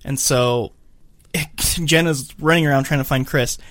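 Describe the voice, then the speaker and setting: A man co-hosting a casual film-discussion podcast, recapping scenes in an animated way. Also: medium pitch, a little slow, no room sound. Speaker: podcast co-host.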